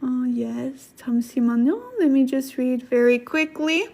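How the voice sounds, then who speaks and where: Sick woman hosting a casual livestream lesson, high and unhurried, thinks aloud. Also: fairly even intonation, gravelly, darkish tone. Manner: thinks aloud, pauses to look things up, laughs at herself; slow careful explanations. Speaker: Korean language teacher on a livestream.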